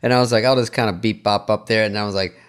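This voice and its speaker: A man's voice: fairly low pitch, steady tone, rapid-fire, clean tone. A man co-hosting a comedy podcast, telling show-business stories and acting out what people said to him. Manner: storytelling, quotes people with shifting voices. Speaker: podcast co-host. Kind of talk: casual comedy chat.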